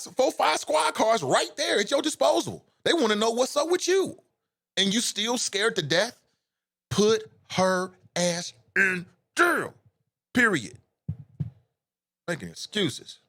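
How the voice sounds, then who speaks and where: A man's voice: high-pitched, gravelly, a bit bright. A man hosting a live show at home, giving blunt, impassioned and profane opinion commentary.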